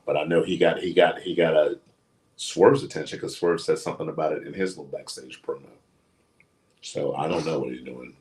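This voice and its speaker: A man's voice: extremely low pitch, fairly quick. A man co-hosting a casual wrestling chat show, telling stories with lots of energy, acting out quotes and laughing often. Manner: animated storyteller, acts out quotes, laughs often. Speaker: podcast co-host.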